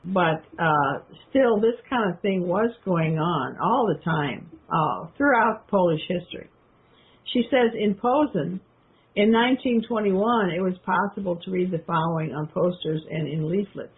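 Very husky woman on a tinny line. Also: on the low side, unhurried. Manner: reads passages aloud, then breaks off into loose remarks with fillers; addresses listeners directly. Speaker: commentator reading from a book. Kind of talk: reading aloud with spoken commentary. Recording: tinny phone-like sound.

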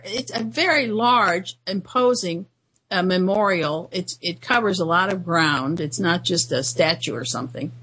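Husky-voiced woman ranting through news commentary. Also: medium pitch, fairly bright tone, poor audio. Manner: indignant, rambling, with frequent fillers and restarts. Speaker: commentary show host. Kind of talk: off-the-cuff news commentary monologue.

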